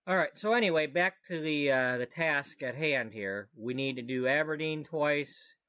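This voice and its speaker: A man's voice: on the high side, normal speed, sharp tone, smooth, dry recording. A man chatting casually while gaming, rambling, correcting himself and joking as he goes. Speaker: gaming storyteller. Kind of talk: casual gameplay chat.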